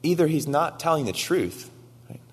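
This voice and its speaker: A man preaching a sermon, retelling stories with animated quoted lines and frequent "right?" asides. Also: fairly high pitch, moderate pace, slightly rough, in a large hall. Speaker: pastor.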